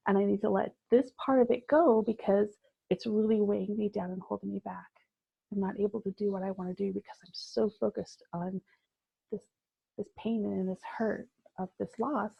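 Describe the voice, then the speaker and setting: Woman guest telling a story, gravelly voice, lots of ums, dull lo-fi sound. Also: medium pitch, fairly even intonation, dry recording. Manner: reflective, halting with many fillers. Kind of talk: personal storytelling in conversation.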